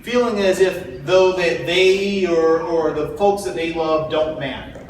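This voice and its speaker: Speaking unhurriedly in a fairly high voice, this South Carolina man, a candidate for party chair, delivers a folksy, earnest political speech to the convention. He rises now and then into rallying calls. Captured at a distance in a big, echoey convention hall, the audio carries faint noise.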